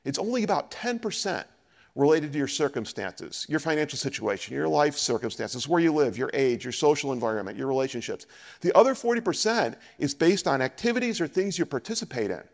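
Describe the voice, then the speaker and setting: Animated, high-voiced preacher in a hall. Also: male voice, fairly quick, gravelly. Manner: animated, acts out scripture dialogue. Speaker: pastor. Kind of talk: sermon.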